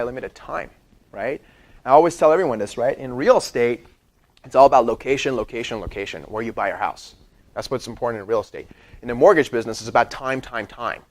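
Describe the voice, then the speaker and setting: A man giving an energetic training talk to a sales team, who keeps checking in with "right?" and acts out what clients say. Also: mid-range voice.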